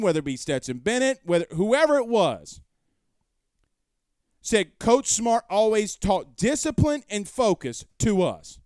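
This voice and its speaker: A man talking sports at home, with emphatic, argumentative delivery and lots of rhetorical questions. His voice is smooth and fairly high for a man. The sound is close and dry, with no room echo. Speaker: sports talk show host. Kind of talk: casual live-stream commentary.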